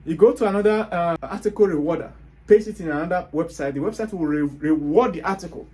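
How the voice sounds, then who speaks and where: A Nigerian man hosts a motivational monologue in a Nigerian accent, his high, fast voice carrying a darkish tone. He is emphatic and hectoring, driving every point home with rhetorical questions.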